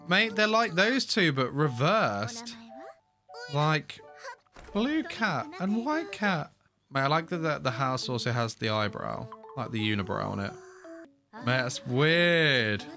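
A young man giving excitable casual reaction commentary, often laughing. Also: medium pitch, measured pace, creaky, faint music behind. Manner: excitable, frequent laughter and "mate". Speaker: anime reaction host.

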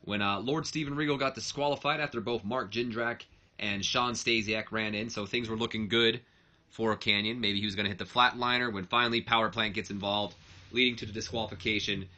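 A man's voice: on the low side, steady tone, a little fast, pushed and bright, highs cut off. A man giving casual commentary on a wrestling management game, rambling and correcting himself as he goes. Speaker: let's play narrator.

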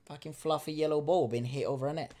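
A man's voice: on the high side, fairly even intonation, fast talker, mellow. A man co-hosting a music reaction video, talking in a loose, casual way with plenty of restarts and the odd swear word. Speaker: co-host of a music reaction channel.

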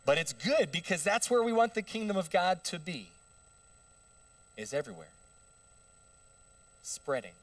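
A man's voice: high voice, sing-song, measured pace, pauses often, fairly bright tone, no room sound, recorded from a distance. A male pastor giving a conversational sermon, putting rhetorical questions to the congregation. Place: church sanctuary.

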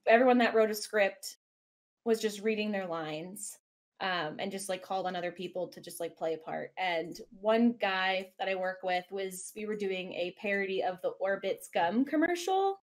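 A woman's voice: mid-range voice, moderate pace. A woman with an American accent, chatting as a guest on a casual podcast, telling a rambling story full of fillers. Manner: chatty, self-conscious storytelling with many fillers. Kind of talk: casual chat.

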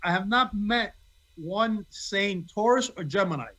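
A man, an actor being interviewed, chatting casually and telling animated stories. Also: high-pitched, measured pace, very noisy. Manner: animated storyteller, restarts phrases.

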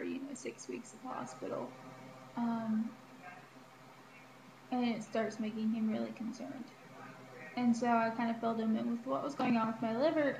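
A woman's voice: fairly high pitch, darkish tone. A young woman giving a casual personal health update, chatty with lots of ums and likes. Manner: chatty, frequent ums and likes, laughs between remarks. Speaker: vlogger. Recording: echoey room with faint ambient noise.

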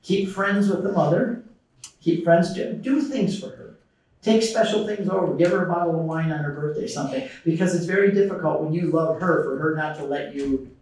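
A man's voice: fairly high pitch, normal speed. A middle-aged man giving a conference talk and taking audience questions, telling stories and acting out quotes with animation. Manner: lively storytelling, acting out quotes. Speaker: conference speaker. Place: large conference hall. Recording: echoey hall from far off.

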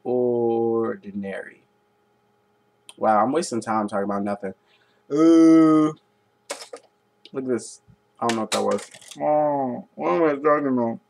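A man's voice: medium pitch, fairly quick, gravelly. A young man rambling and joking in a casual vlog. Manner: goofy, joking, rambling asides. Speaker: vlogger.

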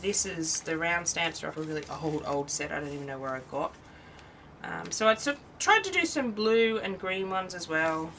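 Animated and speaking at a moderate pace, this tired Australian woman uses a lowish voice with vocal fry and a fairly bright tone. Her casual craft show-and-tell is chatty, rambling, and self-interrupting, captured on a rough recording from a distance with a little hiss or hum.

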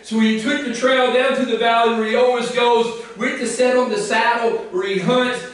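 A man preaching a sermon to a responding congregation, fervent and calling out, at times rising to shouts. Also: very high voice, fairly even intonation, normal speed. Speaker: pastor. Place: church sanctuary. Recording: echoey church hall from a distant mic.

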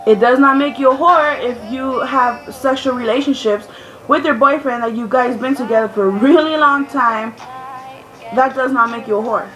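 A woman vlogger ranting loudly and profanely, exasperated and swearing as she vents. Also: high-pitched, normal speed, rough recording. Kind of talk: ranting vlog. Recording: music playing loudly behind. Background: music.

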